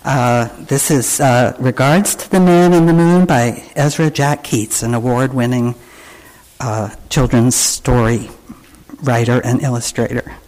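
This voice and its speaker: A worship leader reading a children's story to a congregation in a gentle, halting manner, with fillers. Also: medium pitch, steady tone, poor audio.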